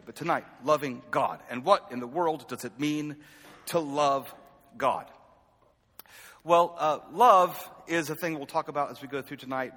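Male pastor, conversational sermon with self-deprecating asides, long hall reverb. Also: mid-range voice. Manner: conversational, self-deprecating, swings from loud calls to quiet asides.

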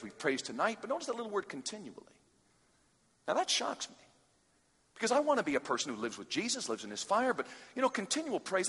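Guy preaching a sermon, husky voice, real animated, loud one sec then almost whispering, big echoey hall. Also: a little high. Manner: dramatic, swings from loud urgency to hushed near-whisper. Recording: long hall reverb.

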